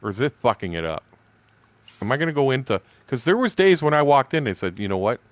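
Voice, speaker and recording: A man's voice: medium pitch, very animated, fast, no echo. Blunt, foul-mouthed man in his sixties. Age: 60s. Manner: blunt, heavily profane; laughs between remarks. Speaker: game streamer. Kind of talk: casual rambling storytelling.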